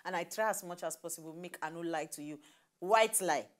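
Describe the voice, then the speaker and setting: A young woman with a Nigerian accent talks in a relaxed, chatty way on a television talk show. Her voice sits a little low, and she laughs often as she goes. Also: a little fast. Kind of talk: casual chat in Nigerian Pidgin.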